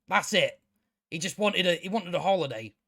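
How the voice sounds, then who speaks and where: Guy ranting about a tv show, high voice, sweary and sarcastic, dead dry sound. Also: expressive, moderate pace, creaky, fairly bright tone, no echo. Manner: sarcastic, exasperated, swears freely, many restarts. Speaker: TV review channel host. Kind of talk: casual spoken review.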